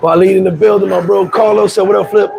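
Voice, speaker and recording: A hoarse man hosting a casual live chat, laid-back, shouting out viewers by name. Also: high-pitched, steady tone, fast, music in the background, low-quality recording. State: hoarse, voice worn out. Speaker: livestream host.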